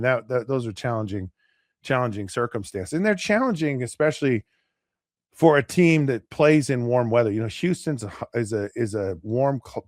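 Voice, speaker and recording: A man's voice: medium pitch, no echo. Rambling man on sports talk, dry sound. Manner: rambling, many restarts and repeated words; acts out players and pundits in quick asides. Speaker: podcast co-host.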